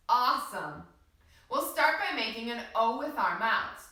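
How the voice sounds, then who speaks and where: A woman teaching a kids' yoga class, her high, bright voice swooping up and down as she coaxes the children along. She talks slowly and gently, asking questions to keep them with her. The sound is very echoey and picked up from a distance. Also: expressive.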